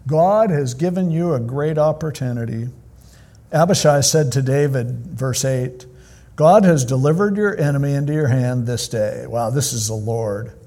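A male pastor preaching a sermon in an animated, conversational style as he retells a Bible story. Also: on the high side, husky.

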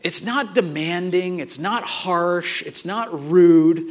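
A man preaching a sermon, telling a family story in an animated way and acting out the dialogue, with frequent restarts. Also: high voice, takes it slowly. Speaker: pastor.

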